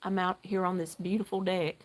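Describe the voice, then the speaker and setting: Chatty excitable middle-aged woman. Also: lowish voice, fairly quick. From North Carolina. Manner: chatty, excitable, greets viewers by name. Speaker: livestream host. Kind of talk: casual live chat while knitting. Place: outdoor deck at home.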